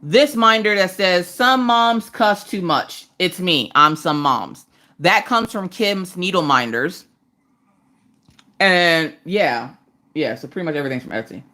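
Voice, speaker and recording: A woman's voice: lively intonation, measured pace, sharp tone. A woman, chatting casually and joking on a crafting live stream while she works. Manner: joking, self-deprecating, jumps into high squeaky voices to greet viewers. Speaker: livestream host doing diamond painting.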